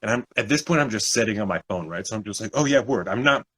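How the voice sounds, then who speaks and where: Young male podcast co-host, husky and rapid, animated storyteller who swears freely. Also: lowish voice, poor audio. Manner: animated retelling, acting out other people's lines, swears often. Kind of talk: casual storytelling chat.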